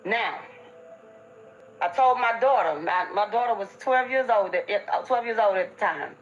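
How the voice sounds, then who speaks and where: A woman's voice: medium pitch, moderate pace, faint music behind. Blunt middle-aged mother, lo-fi clip. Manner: blunt, profane, repeats and restarts phrases. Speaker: grieving mother telling her story. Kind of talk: emotional first-person account. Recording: dull lo-fi played clip.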